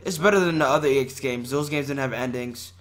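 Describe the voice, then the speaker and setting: A man's voice: medium pitch, fast. A man giving offhand, wry gameplay commentary as a channel host, swearing freely. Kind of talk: casual gameplay commentary voice-over. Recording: loud noise under the voice.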